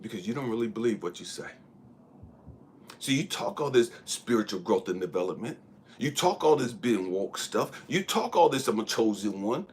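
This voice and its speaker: A man's voice: mid-range voice, big pitch swings, normal speed, a little hiss or hum. A man giving a blunt, profane spiritual monologue, preaching hard and at times dropping into a whisper. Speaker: spiritual speaker.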